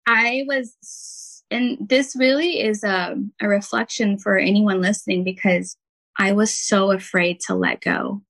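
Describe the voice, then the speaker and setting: A woman's voice: medium pitch, fairly even intonation, measured pace, vocal fry, fairly bright tone, rough recording. A woman, a podcast guest who works as a nurse and healer, telling a personal story in an earnest, heartfelt way with many "um"s and "like"s.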